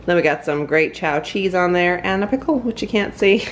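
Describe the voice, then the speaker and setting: A woman's voice: lowish voice, expressive, moderate pace, slight background noise. A young woman vlogging casually at home, chatting with lots of fillers and frequent laughs. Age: young adult. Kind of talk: casual home vlog chat. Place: home, indoors.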